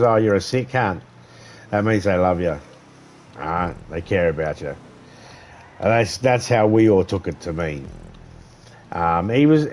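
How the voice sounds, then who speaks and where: A man's voice: on the low side, darkish tone, rough recording. A man with an Australian accent rambling through a sweary anecdote in a casual chat while gaming. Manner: rambling, sweary storytelling with laughs. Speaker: gaming streamer.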